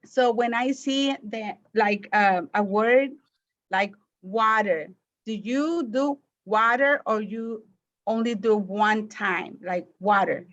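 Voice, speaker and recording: Slow, hesitant woman student asking questions. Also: mid-range voice. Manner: hesitant, searching for words. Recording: muffled lo-fi recording.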